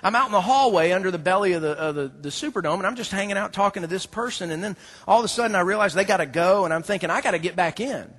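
Husky high-voiced preacher in a big hall. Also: male voice, racing. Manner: animated storyteller, laughing often, acting out dialogue. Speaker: pastor. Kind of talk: sermon with a comic personal story.

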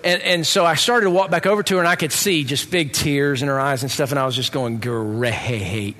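Bright-voiced man telling his testimony. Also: fairly high pitch, fast. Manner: animated, comic storytelling. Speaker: speaker giving a personal testimony. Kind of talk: storytelling testimony. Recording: reverberant hall.

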